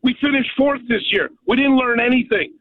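A man's voice: very high voice, a little fast, no room sound. Ranting male caller on a tinny phone line. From Canada. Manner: emphatic, ranting, keeps asking "okay?". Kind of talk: call-in rant. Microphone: telephone.

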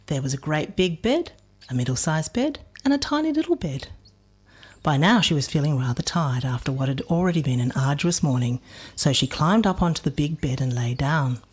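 A woman narrating a children's storybook in an expressive, playful manner. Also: deep voice, brisk, husky.

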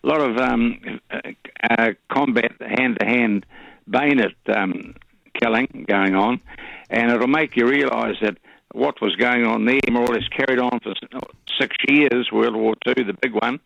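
A New man with a gravelly voice chats on radio, wandering through his story with pauses and fillers. The sound is dry and dull, like lo-fi broadcast audio. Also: mid-range voice, a bit bright, no echo. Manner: rambling, halting, full of fillers. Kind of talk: casual radio chat.

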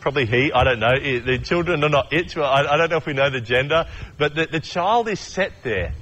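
A man's voice: medium pitch, fairly bright tone, a little hiss or hum. A man giving a casual sermon, chatty and joking, acting out quotes and often restarting his sentences. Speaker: preacher.

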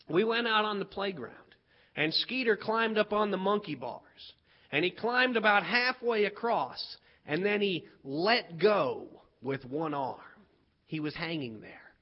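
High-voiced man telling a comic story. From West Virginia. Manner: animated, lively delivery with playful character voices. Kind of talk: humorous storytelling. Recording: dull lo-fi recording.

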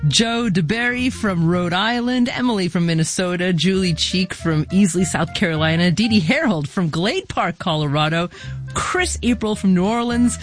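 A woman hosting a national radio talk show, reading a measured, articulate script. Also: on the low side, lively intonation, faint music behind. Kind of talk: scripted broadcast narration.

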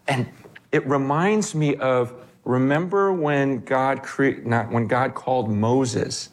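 A man preaching a sermon in a conversational, animated way, acting out quoted voices. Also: medium pitch, slow pace.

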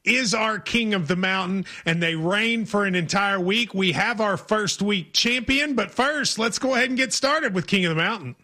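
A man hosting a sports talk radio show, upbeat and quick with banter, laughing often. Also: high-pitched, pushed and bright.

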